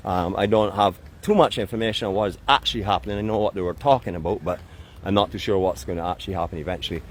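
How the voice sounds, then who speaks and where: Outdoors by a seaside port in a town, a middle-aged Barbadian man hosts a live walking tour for his vlog, speaking with a Barbadian accent. He talks fast in a low voice, chatty and playfully teasing his viewers.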